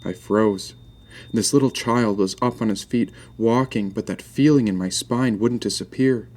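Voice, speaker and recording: A man narrating a first-person fantasy story in a measured, descriptive way. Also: on the low side, a little mellow.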